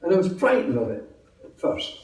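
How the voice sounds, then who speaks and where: A man's voice: high-pitched, sing-song, moderate pace, darkish tone, roomy sound, distant mic, poor audio. A Scottish man giving a personal testimony at a meeting, telling his story in a chatty, humorous way. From Scotland. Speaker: testimony speaker.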